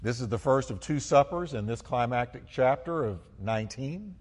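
A man preaches to his church with fervent conviction, his voice at a middle pitch that climbs into loud bursts of praise. He calls the congregation to join in. The sound carries a long reverb from the sanctuary. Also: lively intonation, moderate pace. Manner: fervent, rising to loud exclamations; asks the congregation to respond. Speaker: pastor. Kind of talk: sermon.

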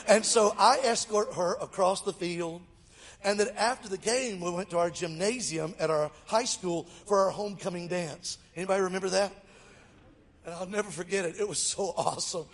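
A man's voice: high-pitched, fairly quick. A middle-aged man from Alabama, telling a funny story in a sermon as a guest speaker and joking with the audience. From Mobile, Alabama, US. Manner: lively, jokes with the audience. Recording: long reverb of a large hall.

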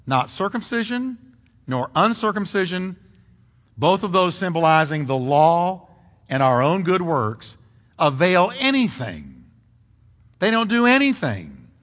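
A middle-aged man preaches a sermon with a lively, swooping delivery and a bright, forceful tone. He keeps putting questions to his congregation. His voice rings through a church hall with a long echo. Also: fairly high pitch. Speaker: pastor. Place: church sanctuary.

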